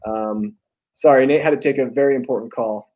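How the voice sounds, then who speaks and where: A man's voice: medium pitch, a little fast, darkish tone. A man hosting a casual livestream chat, rambling with fillers and restarts. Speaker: host.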